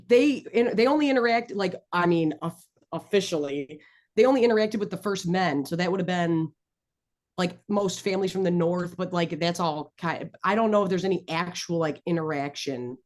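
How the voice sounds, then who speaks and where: A woman with a fairly low voice chats on a podcast. She gushes and rambles, with the looseness of a fan talking to friends. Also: darkish tone. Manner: enthusiastic, rambling fan talk. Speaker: podcast co-host. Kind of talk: casual chat.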